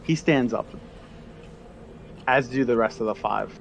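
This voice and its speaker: A man narrating and running an online tabletop game as game master, relaxed and profane, often restarting his sentences. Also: mid-range voice, measured pace, vocal fry, a little hiss or hum.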